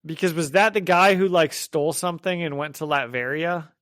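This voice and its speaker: Animated man hosting a podcast. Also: on the high side, fairly quick, no room sound, clean studio sound. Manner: animated, laughs often, acts out quotes. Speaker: podcast host. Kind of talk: casual comic book podcast chat.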